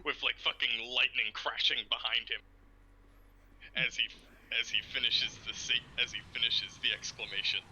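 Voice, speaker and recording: A man streaming a game, explaining plans in a rambling, profane, excitable way. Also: mid-range voice, normal speed, slight background noise, rough recording. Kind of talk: casual chat while gaming.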